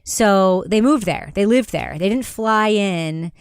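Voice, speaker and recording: A woman hosts a podcast, steering the talk in a loose, chatty way. Her voice sits at an ordinary pitch and is recorded close and dry, with no room sound. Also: slow pace, smooth, no echo. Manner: chatty, leads the discussion. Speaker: podcast host. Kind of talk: casual chat.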